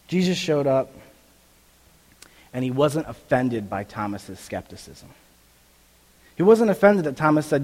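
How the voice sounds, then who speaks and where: A man's voice: mid-range voice, lively intonation, normal speed, long pauses. A man preaching a conversational sermon as a pastor, reading scripture and acting out the voices in quoted dialogue. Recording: long echo of a large hall.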